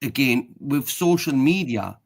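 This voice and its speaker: A man's voice: medium pitch, lively intonation, unhurried. A middle-aged man, rambling in casual chat and tagging most phrases with "right, okay?".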